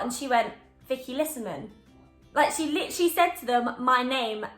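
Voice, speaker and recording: Young woman, storytime vlog, emphatic, faint music behind. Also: sits high. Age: young adult. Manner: animated, emphatic retelling with quoted dialogue. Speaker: vlogger. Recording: echoey room, faint background music.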